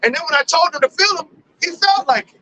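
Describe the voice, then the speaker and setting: A man's voice: very high voice, expressive, fast, lo-fi sound, crowd noise. A man voicing the old blind father Isaac in crude, profane street slang, rattled and indignant at being fooled. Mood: blunt.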